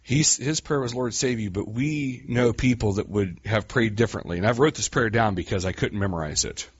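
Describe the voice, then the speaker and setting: A man preaching a sermon in a folksy, animated way, calling his listeners "guys" and swinging from quiet asides to loud cries. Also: on the low side, a little fast, husky, dry recording, dull audio.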